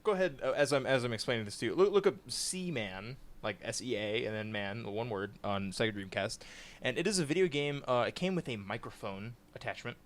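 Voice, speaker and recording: A man co-hosting a casual podcast chat, excitable, laughing often and explaining trivia at length. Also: mid-range voice, a little fast. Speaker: podcast co-host.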